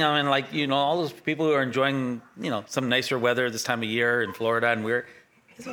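Bright-voiced rambling middle-aged pastor. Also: male voice, mid-range voice, flat delivery, quick pace. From Canada. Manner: rambling, self-correcting, conversational. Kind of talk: sermon.

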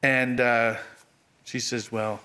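A man preaching a sermon, acting out quotes with sudden jumps in pitch and dropping to a hushed low voice on key phrases. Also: little pitch movement, takes it slowly. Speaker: pastor.

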